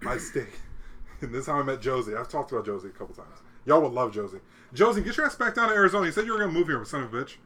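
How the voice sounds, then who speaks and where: A man's voice: medium pitch, animated, very fast, fairly bright tone, slight background noise. A man casually telling a profane, laid-back story among friends, acting out the people in it.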